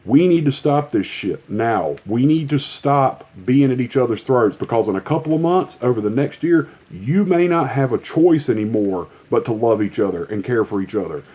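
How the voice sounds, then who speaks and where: A man in an angry, swear-laden rant, his tone dark and mellow at an average pitch. He hammers his points home with emphatic repetition. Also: lively intonation, moderate pace, few pauses. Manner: profane, heated, emphatic. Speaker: commentator.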